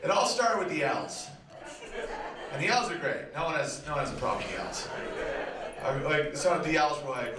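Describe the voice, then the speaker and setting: A man's voice: fairly high pitch, animated, moderate pace, pauses often, a crowd in the background. A man doing a crude, riffing stand-up routine on a comedy club stage. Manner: crude, riffing, bouncy delivery. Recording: very echoey, distant, noisy live recording.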